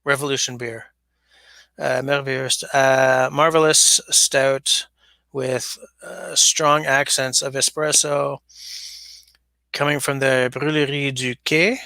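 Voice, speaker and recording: A man's voice: mid-range voice, little pitch movement, takes it slowly, gravelly, bright, forceful tone, no echo. A man hosting a casual livestream, rambling and chatting while he reads viewer comments aloud. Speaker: livestream host. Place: basement. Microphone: smaller mic than his usual setup.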